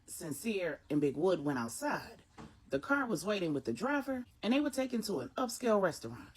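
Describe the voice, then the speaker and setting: A woman narrating a grown-up bedtime story in a steady, expressive read. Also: mid-range voice, slightly rough.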